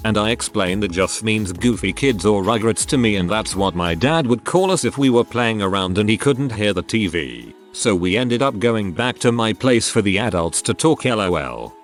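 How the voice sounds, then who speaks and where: Narrator: man, low voice, even read of Reddit stories, faint music underneath. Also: normal speed, hardly any pauses. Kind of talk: scripted narration. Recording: faint music bed behind voice.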